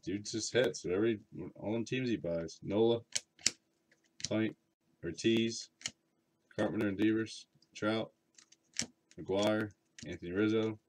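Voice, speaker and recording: A man's voice: on the low side, steady tone, measured pace, long pauses, background noise. A man hosting a card break live stream, chatting casually with viewers and reading out card names between rambling remarks. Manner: chatty, rambling, reads card names aloud while talking to chat.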